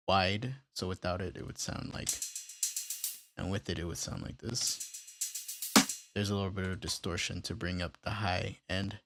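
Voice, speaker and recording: A man casually walking through how he built a beat, step by step, in a relaxed, plain way. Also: low voice, gravelly, slight background noise. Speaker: music producer tutorial host. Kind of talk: casual screen-recorded tutorial.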